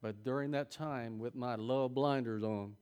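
A middle-aged man delivers a sermon to his Sunday school class in a folksy, conversational way. His voice sits in a middle pitch, and it swings from quiet asides to sudden loud peaks. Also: measured pace, clean tone, highs cut off.

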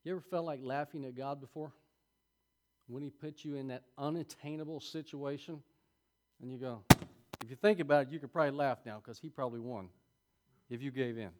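A man's voice: mid-range voice, fairly quick, long pauses, a little mellow, a little hiss or hum. A man preaching a sermon, reading scripture aloud and adding folksy, chuckling asides to his congregation.

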